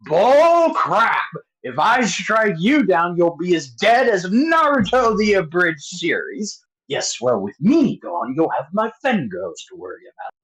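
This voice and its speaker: A man's voice: sits high, sing-song, measured pace, few pauses, a bit bright, voice pushed up, heavily acted, rough recording. A man quoting dueling male cartoon villains in a theatrical, declamatory voice.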